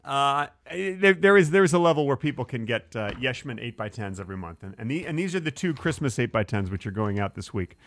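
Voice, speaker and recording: A man's voice: medium pitch, animated, a little fast, few pauses, a bit bright, no room sound. A man co-hosting a comedy podcast, joking in casual banter with a playful, mock-serious manner. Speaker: podcast co-host.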